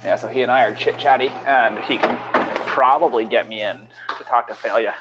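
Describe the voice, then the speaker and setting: A man's voice: medium pitch, fairly quick. Rambling young man on a muffled call. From California. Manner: laid-back, rambling, stammering restarts. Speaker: podcast co-host. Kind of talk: casual crude banter. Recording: lo-fi voice call with faint noise.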